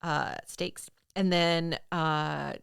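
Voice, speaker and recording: A woman's voice: low-pitched, fairly even intonation, drawn-out words, creaky, a bit bright, clear, resonant tone, no echo, studio quality. A woman co-hosting a podcast in casual chat, thoughtful and hedging. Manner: thoughtful, hedging, laughs through stories. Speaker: podcast co-host.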